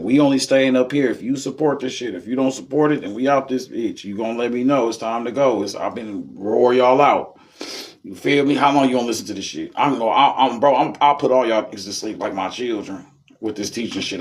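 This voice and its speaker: A man giving a rambling, profane live-stream lesson in streetwise slang, often acting out drunk people in a high yelling voice. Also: fairly quick. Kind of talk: casual live-stream teaching.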